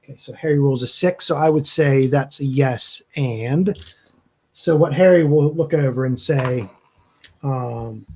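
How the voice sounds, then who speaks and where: A man's voice: mid-range voice, unhurried, dark tone, a little hiss or hum. A man narrating as game master, casual and stopping often to search for words.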